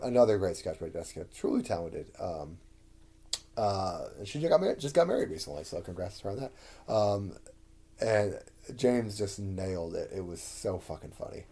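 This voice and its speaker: A man's voice: fairly low pitch, mellow. A man casually recalling his sketch comedy shows, meandering and full of ums and uhs. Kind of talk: casual rambling recollection.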